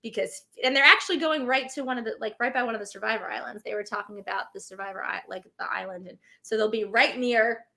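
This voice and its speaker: Bright-voiced woman chatting casually. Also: fairly high pitch, creaky. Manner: chatty, self-deprecating, quick asides. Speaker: co-host, former race winner. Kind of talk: casual recap chat.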